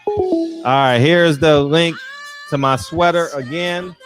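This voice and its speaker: A man's voice: fairly high pitch, slow, soft background music. A man hosting a casual livestream, chatting animatedly, laughing often and reading out viewer comments. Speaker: livestream host.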